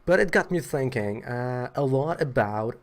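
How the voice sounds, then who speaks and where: A man's voice: medium pitch, lively intonation, a little slow. A man from Poland tells a story in a casual vlog, rambling with lots of fillers in a wry, exasperated way. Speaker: trading card seller telling a story.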